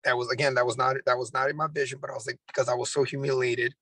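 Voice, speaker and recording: A man's voice: mid-range voice, little pitch movement, rapid-fire, sharp tone, dry recording, rough recording. A man, a Marine drill instructor, earnestly telling a personal story in an interview, with many restarts.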